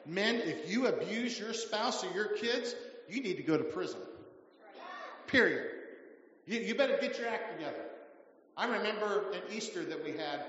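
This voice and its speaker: A middle-aged male pastor preaching with emphatic repetition, his voice high-pitched for a man. He is in a big church hall with long reverb, and the sound is muffled. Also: fairly bright tone. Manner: emphatic preaching with repeated phrases. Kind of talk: sermon.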